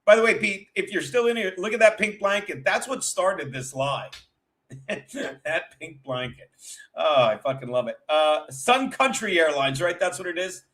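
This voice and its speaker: A man with a high-pitched voice hosts a casual livestream. He tells stories in a loose, tumbling way, full of profanity and self-interruptions. He keeps breaking off to talk to his viewers. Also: lively intonation, moderate pace, fairly bright tone. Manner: chats with live viewers. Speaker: livestream show host. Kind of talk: rambling comic storytelling.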